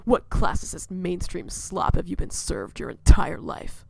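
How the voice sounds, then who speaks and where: A woman voicing a gruff, brooding middle-aged man and intense film snob, in a low, breathy half-whisper that turns pompous when he lectures. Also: expressive, measured pace, noisy background, heavily acted. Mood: lecturing. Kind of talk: voicing a visual novel character.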